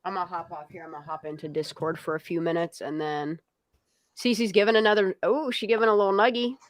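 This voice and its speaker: A woman's voice: fairly low pitch, steady tone, fast talker. A woman hosting a casual livestream, talking bluntly and heatedly and swearing freely. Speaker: livestream host.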